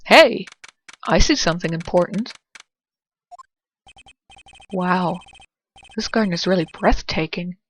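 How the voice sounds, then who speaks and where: A woman's voice: fairly low pitch, takes it slowly, long pauses. A woman giving casual, dry, sarcastic commentary while playing through a game and reading its dialogue. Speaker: let's play narrator.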